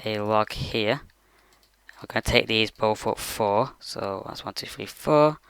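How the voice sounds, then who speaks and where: Bright, crisp-voiced man explaining casually. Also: lowish voice, a little slow, no echo. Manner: rambling, many fillers like "you know" and "like". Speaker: game tutorial maker. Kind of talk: casual screen-recorded tutorial. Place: his bedroom at the computer.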